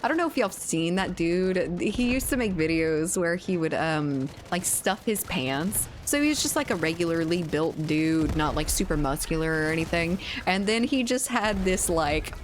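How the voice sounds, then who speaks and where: A woman's voice: lowish voice, expressive, normal speed, few pauses, a little hiss or hum. A young woman streaming a game, chatting candidly with her chat, joking and laughing often. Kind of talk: casual stream chat while gaming.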